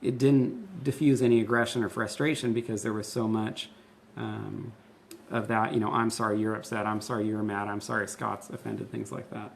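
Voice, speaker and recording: Man with a gravelly, creaky voice. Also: on the low side, little pitch movement, normal speed, slight background noise. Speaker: pastor and show host. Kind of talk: casual conversational teaching.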